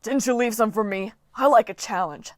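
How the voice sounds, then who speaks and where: A woman voicing a brash, loud male satyr coach in an audiobook, bellowing his lines. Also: fairly high pitch, moderate pace, dry recording, clean studio sound, natural voice.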